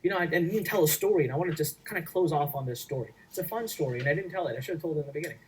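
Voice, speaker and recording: A man presenting a workshop, giving an energetic sales pitch in an emphatic, repetitive way. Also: very fast, distant mic, slight background noise, poor audio. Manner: emphatic, repetitive, acts out quoted voices.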